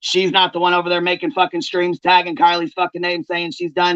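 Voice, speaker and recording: A woman's voice: fairly low pitch, monotone, brisk, fairly bright tone, dry recording. A woman hosting a livestream, calling someone out in a heated, profane, confrontational rant. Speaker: livestream host. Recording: dull, lo-fi stream audio.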